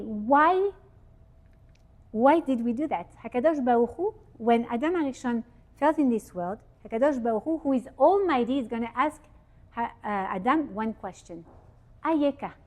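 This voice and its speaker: A woman teaching at a holiday gathering, her voice sitting a little high. She talks in an animated, conversational way and turns to the audience with questions. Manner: lively, asks the audience questions. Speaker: speaker giving a Torah talk. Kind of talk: informal religious teaching. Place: event hall with audience.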